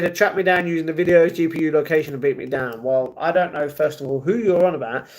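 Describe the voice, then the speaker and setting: Man chatting on a livestream, slightly high voice. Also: very animated, brisk, hardly any pauses. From United Kingdom. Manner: reads viewer comments aloud and answers them, often apologetic. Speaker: livestream host. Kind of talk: casual livestream chat. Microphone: wireless earbuds.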